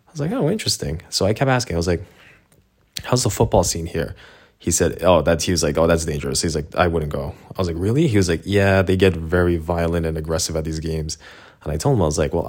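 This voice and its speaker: A man with a deep, low-pitched voice tells a casual travel story. He talks in a relaxed, chatty way and slips into quoted dialogue as he recounts what everyone said.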